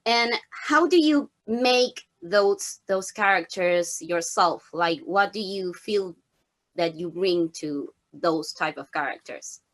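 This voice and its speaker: A woman with an Argentine accent, a native Spanish speaker, asking an actress questions in chatty, slightly halting English. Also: fairly low pitch. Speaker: film interviewer. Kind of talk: interview questions.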